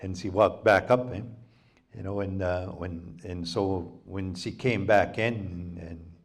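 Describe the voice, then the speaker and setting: A male storyteller from Canada telling an oral folktale at a library talk, unhurried and halting, with many "you know"s. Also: low voice, fairly even intonation.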